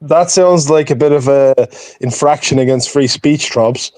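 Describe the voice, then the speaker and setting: A man's voice: on the high side, measured pace, darkish tone. A British man caller in a heated live-stream debate who taunts and repeats his questions over and over.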